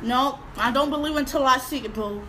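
Woman, high and bright, blunt slangy reaction commentator, a touch of background hiss. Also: fairly quick, rough recording. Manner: exasperated, blunt, slangy, repeats herself. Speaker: video reactor.

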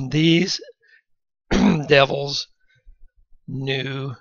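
A man giving a Bible teaching lecture, reading scripture aloud between explanations and often clearing his throat, on a dull lo-fi recording. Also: mid-range voice, extremely slow, no echo.

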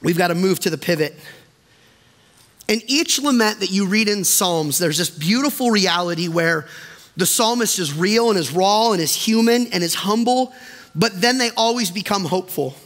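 A man preaching as pastor in a church, impassioned and then dropping soft and low to plead with the congregation. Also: animated, moderate pace. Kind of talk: sermon. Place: church sanctuary. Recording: long reverb of a church hall.

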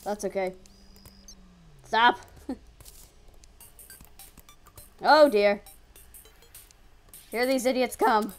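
A woman giving casual let's-play commentary, excitable, yelping at enemies and muttering to herself. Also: on the high side, extremely slow, long pauses, soft background music. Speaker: gaming video creator.

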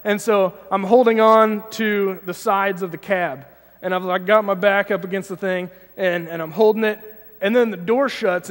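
A man's voice: sits high, a bit bright. A young man giving an informal sermon in a church, telling a personal story with many restarts. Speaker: preacher. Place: church sanctuary. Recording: long church hall reverb.

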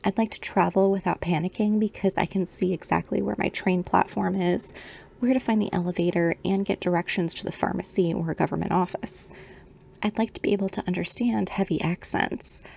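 A woman's voice: lowish voice, steady tone, brisk, vocal fry, darkish tone, a little hiss or hum. A middle-aged woman talking in an earnest, explanatory way while knitting, in a casual personal video. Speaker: knitting vlogger.

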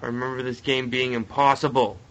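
A young man doing live commentary on a game he is playing, mostly muttering, then breaking into frustrated yells. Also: mid-range voice, level tone, brisk. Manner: swings from muttering to frustrated yelling. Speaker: let's play gamer.

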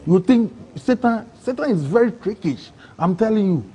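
Ghanaian man, interview guest, high husky voice, animated testimony that acts out the people in his story. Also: moderate pace. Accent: Ghanaian English. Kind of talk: emotional personal testimony.

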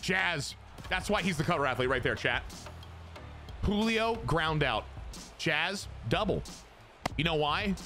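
Young guy gaming streamer, hyped and goofy, lively up-and-down voice, music playing behind. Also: a little high, measured pace, pauses often. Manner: excitable, joking, talks to chat, bursts into shouts. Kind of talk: casual gameplay commentary.

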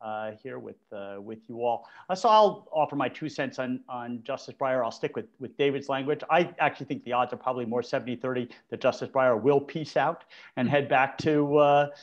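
Male panelist with a mid-range voice, measured and halting with fillers, on a muffled remote line. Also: medium pitch. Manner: measured, with frequent filler hesitations. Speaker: panelist, legal commentator. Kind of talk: panel discussion of court cases. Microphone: remote call.

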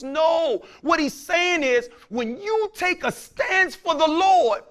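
A man preaching a sermon as pastor, with impassioned shouting of scripture and repeated "Praise the Lord" between points, sometimes dropping into a quiet prayer voice. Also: lively intonation, a little slow, hardly any pauses. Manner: drops to a low, quiet prayer voice at times.

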